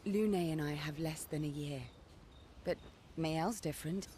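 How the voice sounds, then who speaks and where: Low, mellow game companion. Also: female voice, unhurried, slight background noise. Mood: sober. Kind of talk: video game voice acting.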